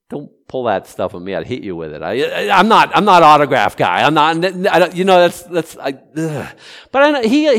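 A middle-aged man preaching a casual, rambling sermon to his congregation, breaking off and restarting his thoughts. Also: medium pitch. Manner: rambling, conversational, self-interrupting. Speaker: pastor. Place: church sanctuary.

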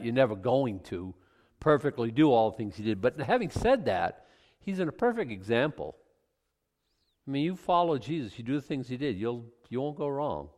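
A man giving informal verse-by-verse Bible teaching in a conversational way, often restarting and adding asides. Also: mid-range voice. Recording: long hall reverb.

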